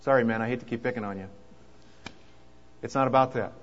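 A man preaching at a marriage conference, moving from quiet asides to fervent, rising preaching. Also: medium pitch, fast talker. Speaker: pastor. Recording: dull sound with long hall reverb.

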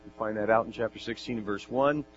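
A man preaching a sermon, reading scripture with animated, jokey asides and rhetorical questions. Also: fairly low pitch, fast. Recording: dull lo-fi sound with mains hum.

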